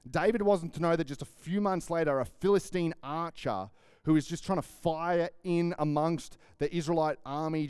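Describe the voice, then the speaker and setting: Animated male preacher, crisp dry voice. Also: fairly high pitch, no room sound. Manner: animated storytelling, acts out quoted lines. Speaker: pastor. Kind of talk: sermon.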